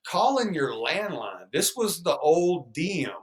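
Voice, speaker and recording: A man's voice: on the high side, unhurried. A man, telling stories in a casual interview, swearing freely and acting out the voices of people he quotes. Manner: profane, animated, acts out quoted voices. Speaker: guest musician.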